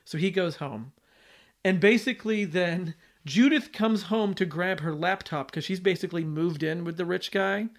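A high-pitched man talks through a film plot in a relaxed, conversational way. He rambles, doubles back and fills gaps with fillers as he goes. The delivery is casual podcast chat. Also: normal speed. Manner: rambling, with many fillers and restarts. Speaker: podcast host.

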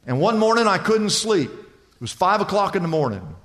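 A male pastor telling a story from the pulpit, his voice sitting a little high for a man. He acts out the people in his anecdotes with animated delivery. The sound rings out with a long reverb from a large hall. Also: normal speed. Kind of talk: sermon storytelling.

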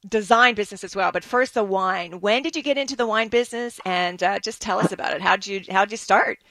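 Gravelly woman hosting an interview. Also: medium pitch, fast, no room sound. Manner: warmly reactive, then steering to the next topic. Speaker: interview host. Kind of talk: casual interview.

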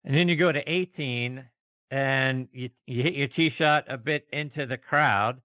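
A man's voice: medium pitch, unhurried, no echo. Male interviewer on a tinny line. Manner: conversational, leading questions. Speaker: host. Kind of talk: interview questions. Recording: tinny phone line, dry.

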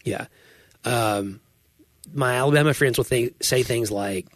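A man from Tennessee with a Southern US accent chats on a podcast, hedging and circling his point with lots of fillers. His voice sits at an ordinary pitch, recorded close and dry. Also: a little slow, no echo. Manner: chatty, hedging, full of fillers. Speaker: podcast co-host. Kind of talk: casual chat.

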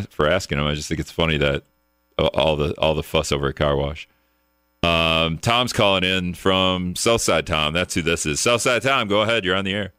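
A man's voice: sits low, fairly bright tone, dry recording, clean studio sound. A man from the hosting a call-in talk radio show, joking and rambling, often laughing at his own asides.

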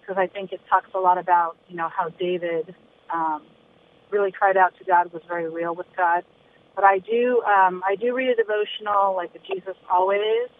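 A woman calling in to a radio show by phone, speaking in a halting way with fillers and restarts. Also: lowish voice. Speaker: caller. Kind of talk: call-in phone chat. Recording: tinny phone line with faint hiss.

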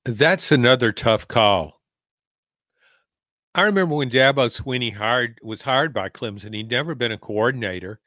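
A man with a Southern US drawl, speaking slowly and deliberately in a casual sports podcast chat. His voice is bright and forceful. The sound is dry and close, with no room echo. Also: medium pitch, lively intonation. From American South. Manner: slow, measured drawl. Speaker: podcast co-host, football analyst.

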